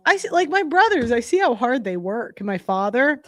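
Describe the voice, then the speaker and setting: A woman's voice: a little high, big pitch swings, normal speed. A young woman hosting a livestream, talking casually, bluntly and with heat, swearing often and restarting her sentences. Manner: heated, blunt and profane, with frequent restarts. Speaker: livestream host.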